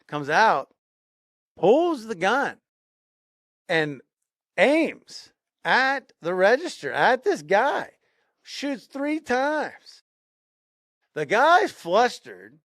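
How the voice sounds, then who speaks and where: A man, telling a story on a podcast with a fairly high-pitched voice. He builds suspense, restarts his sentences and repeats phrases for emphasis. The sound is dry and close. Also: a bit bright, no echo. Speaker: podcast co-host. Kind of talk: casual storytelling.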